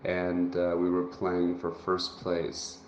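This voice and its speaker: A man, a chess master guest, telling a childhood anecdote in a relaxed way with some fillers. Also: low-pitched, takes it slowly, a little hiss or hum. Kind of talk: casual anecdote. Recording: muffled roomy remote recording with faint ambience.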